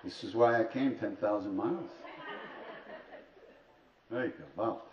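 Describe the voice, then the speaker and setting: In a retreat hall, a spiritual teacher with a lowish, unhurried voice tells funny stories to an audience, adding wry, dry asides and poking fun at himself. A crowd can be heard behind him. The live recording is distant, roomy and dull, with faint ambience.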